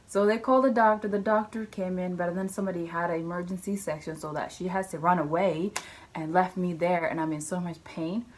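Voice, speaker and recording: A young female vlogger tells a personal story in a lowish, steady voice, speaking fairly quickly. She imitates the people in her story, and her English is loosely worded and not fully fluent. The audio carries a little hiss or hum.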